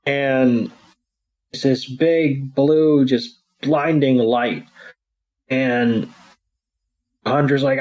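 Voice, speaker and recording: Slow-talking man recapping casually. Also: medium pitch, fairly even intonation, a little mellow, poor audio. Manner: slow, rambling recap with crude jokes and quick character voices. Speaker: podcast host recapping an episode. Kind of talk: casual chat.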